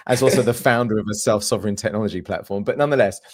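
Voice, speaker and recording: A man hosting an interview, asking thoughtful, halting questions. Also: on the low side. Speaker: interview host.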